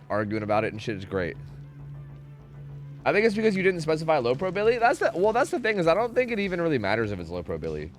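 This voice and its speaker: A male streamer chatting casually with his viewers, his voice swinging high and low as he rants and curses freely. Faint music plays quietly underneath. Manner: animated, profane, ranting. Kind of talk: casual chat.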